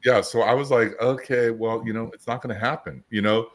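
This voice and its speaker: A man's voice: mid-range voice, steady tone, a little fast. A man who hosts a podcast, chatting casually about coaching and acting out both sides of his stories. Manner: storytelling, acts out both sides of dialogues. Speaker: business coach, podcast host.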